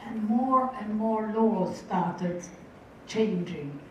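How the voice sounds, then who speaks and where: A woman's voice: medium pitch, extremely slow, a little mellow, a little hiss or hum. An older woman from Hungary, a survivor giving a talk and telling her childhood story with wry, vivid quoting of voices. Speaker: Holocaust survivor speaker. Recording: distant, dull, very echoey hall.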